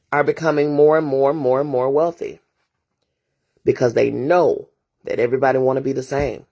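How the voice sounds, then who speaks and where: A woman's voice: extremely low pitch, gravelly, darkish tone. A woman talking as a therapist and host in a casual morning monologue, emphatic and preachy, hammering points home through repeated phrases and rhetorical asides.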